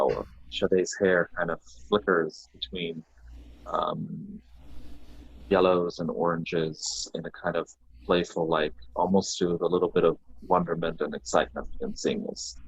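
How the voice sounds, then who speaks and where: A man's voice: low-pitched, creaky, slightly rough. A man playing a tabletop game, hesitantly describing his character with many fillers. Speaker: player. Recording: dull muffled recording.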